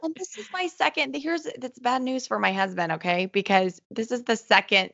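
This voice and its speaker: Chatty excitable woman podcast co-host. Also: fairly high pitch, moderate pace, vocal fry, highs cut off. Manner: chatty, excitable, laughs often. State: hoarse from illness. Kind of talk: casual chat.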